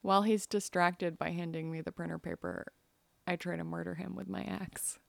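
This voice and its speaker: A young woman playing a tabletop game, speaking in a deadpan way. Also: fairly low pitch, moderate pace, creaky, no room sound. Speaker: player.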